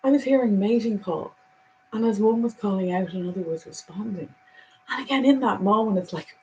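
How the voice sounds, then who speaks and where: A woman giving a reflective spiritual monologue, earnest and animated, moving between soft musing and emphatic conviction. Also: medium pitch, moderate pace, slight background noise, low-quality recording. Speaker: spiritual speaker.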